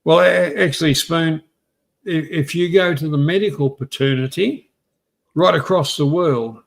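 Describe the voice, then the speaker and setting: Australian host, slow halting delivery with lots of restarts, casual and sweary. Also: male voice, fairly high pitch, gravelly. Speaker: stream host. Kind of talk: casual chat.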